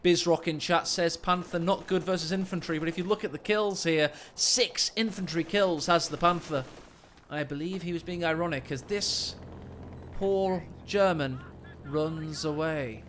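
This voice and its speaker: Bright-voiced game caster. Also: male voice, a little high, unhurried, slight background noise. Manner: cheeky, joking asides. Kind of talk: casual play-by-play game commentary. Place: at home late at night.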